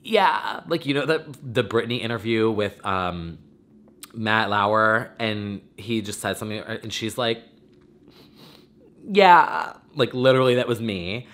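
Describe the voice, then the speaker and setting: His voice fairly low in pitch and a bit bright, at normal speed, a man talks on his own vlog in a casual monologue. He's emotional and gushing, wandering in his speech and on the verge of crying; he also hosts a podcast.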